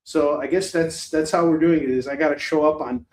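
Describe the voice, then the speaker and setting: A man's voice: on the high side, fairly even intonation, fairly quick, a little mellow. A man hosting a live shopping stream in a rambling, chatty, self-mocking way. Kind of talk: casual chat. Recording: roomy echo.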